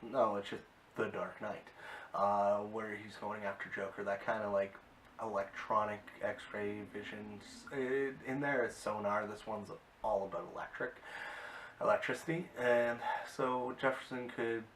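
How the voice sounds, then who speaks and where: Low-voiced man rambling through a recap. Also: fairly even intonation, a little slow, a bit bright. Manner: rambling, filler-heavy, enthusiastic. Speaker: video reviewer. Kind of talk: casual episode recap. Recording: distant mic with faint hiss.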